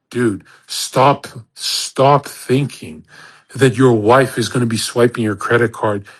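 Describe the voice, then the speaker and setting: Husky, brash man ranting on a live audio chat. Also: fairly high pitch. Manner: boastful, crude and profane; rambling, with many restarts and acted-out quotes.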